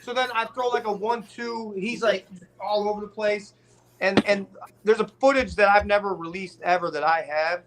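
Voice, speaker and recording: A man's voice: high-pitched, steady tone, normal speed, a bit bright. A man telling a long story in casual podcast chat, rambling with restarts and swearing. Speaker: guest rapper telling a story.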